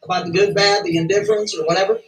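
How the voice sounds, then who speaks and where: A man's voice: high voice, fairly even intonation, rapid-fire, fairly bright tone. A man hosting a livestream, signing off casually with folksy, rhyming catchphrases. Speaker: livestream host. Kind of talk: casual sign-off chat. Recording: echoey room, mic far off, faint noise.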